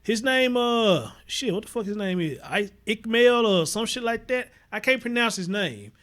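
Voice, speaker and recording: A man's voice: high-pitched, animated, normal speed, fairly bright tone. A man with a Houston accent hosting a livestream, talking bluntly and profanely, repeating himself and greeting viewers as he reads their comments. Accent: Southern US, Houston. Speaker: livestream host.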